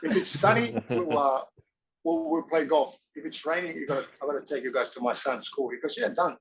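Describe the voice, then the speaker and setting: A man's voice: fairly high pitch, brisk, crowd noise, rough recording. Rambling man telling wrestling stories. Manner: rambling, animated, acts out quoted voices. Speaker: interview guest, former wrestler and actor. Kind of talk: casual storytelling interview.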